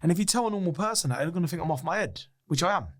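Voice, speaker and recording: With a fairly high, racing voice, a man on a podcast retells a personal story in an animated, excitable way. He's casual and candid, swears without holding back, and acts out what others said.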